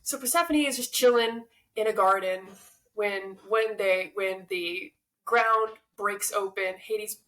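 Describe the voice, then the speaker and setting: Young woman, podcast co-host, relaxed, self-deprecating humor, mid-pitched voice. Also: slow. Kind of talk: casual chat and myth retelling.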